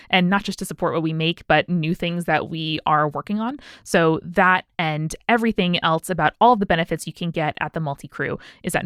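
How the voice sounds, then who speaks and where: Woman cohost w a lowish voice, upbeat promo read into a dry studio mic. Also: clear, resonant tone, no echo. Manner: upbeat, reads promos then chats. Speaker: podcast co-host. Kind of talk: casual podcast chat.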